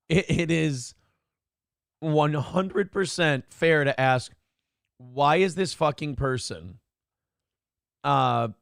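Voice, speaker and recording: A man's voice: mid-range voice, creaky, dry recording, clean studio sound. A man hosting a morning show, giving blunt, profane, sarcastic commentary over clips.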